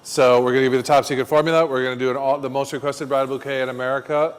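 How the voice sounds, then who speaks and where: A man teaching a floral design class, telling lively stories in an emphatic, salesy way. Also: medium pitch, racing, smooth, big-room sound. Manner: animated storyteller, salesy and emphatic. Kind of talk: classroom lecture with anecdotes. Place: flower design school classroom.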